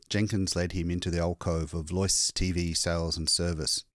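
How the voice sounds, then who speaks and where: A man reading a short story aloud as an audiobook narrator, measured and expressive. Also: low-pitched, dry recording, clean studio sound. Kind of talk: scripted narration.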